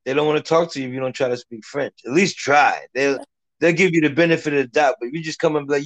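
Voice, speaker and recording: A man's voice: on the high side, fast talker, fairly bright tone, poor audio. A man in casual chat, telling joking stories and mimicking the people in them. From United States. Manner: joking storyteller, mimics others. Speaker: conversation partner.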